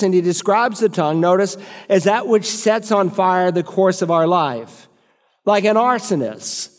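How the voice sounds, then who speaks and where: Preacher guy with a high voice, storytelling sermon, long echo in a big hall. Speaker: pastor.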